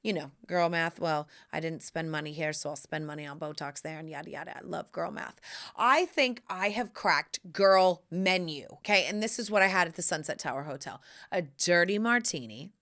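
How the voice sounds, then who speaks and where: A woman hosting her own podcast in sassy, casual chat, calling listeners honey and swinging from loud bursts to whispers. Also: deep voice, normal speed. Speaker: podcast host.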